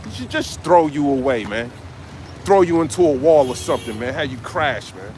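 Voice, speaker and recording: A man's voice: mid-range voice, expressive, moderate pace, darkish tone, a little hiss or hum. A man preaching an open-air street sermon outdoors at a marketplace, fiery and exhorting, tagging his phrases with "man.".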